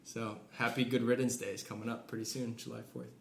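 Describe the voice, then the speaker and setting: A man's voice: mid-range voice, little pitch movement, fast, gravelly. An American man co-hosting a podcast, casually recapping film scenes and quoting characters, with lots of fillers. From United States. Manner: recaps scenes with quoted voices, filler-heavy. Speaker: podcast co-host. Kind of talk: casual movie review chat. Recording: echoey room with faint noise.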